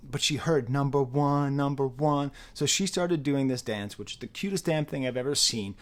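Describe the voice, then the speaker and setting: A man giving a casual, rambling spoken album review, animated and prone to interrupting himself. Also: mid-range voice, moderate pace. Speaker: music reviewer.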